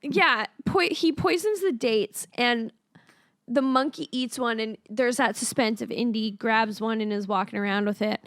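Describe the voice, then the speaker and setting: A woman's voice: fairly high pitch, fairly bright tone, dry recording, studio quality. A woman co-hosting a casual podcast, recapping a film plot and giving short replies. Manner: unhurried, mostly short backchannel replies. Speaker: podcast co-host. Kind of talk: casual chat.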